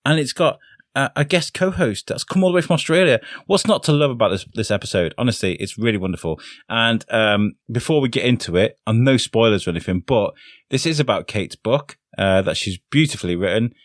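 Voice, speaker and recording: A man's voice: mid-range voice, animated, brisk, dry recording, clean studio sound. A man hosting a podcast, talking casually and poking fun at himself, with plenty of fillers. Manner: chatty and self-deprecating, lots of fillers. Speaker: podcast host. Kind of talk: casual solo podcast intro.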